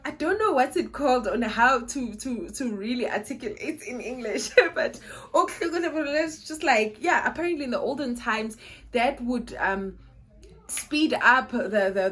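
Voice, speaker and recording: Young South African woman with a Xhosa accent, vlogger, lively storyteller, slightly high voice. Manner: animated, laughing, switching between English and Xhosa. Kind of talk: casual storytelling vlog.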